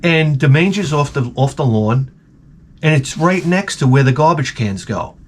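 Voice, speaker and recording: A man's voice: fairly high pitch, lively intonation, moderate pace, a little hiss or hum. A man vlogging with the flu, telling a comedic story in an exasperated, rambling, profane way. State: sick with the flu.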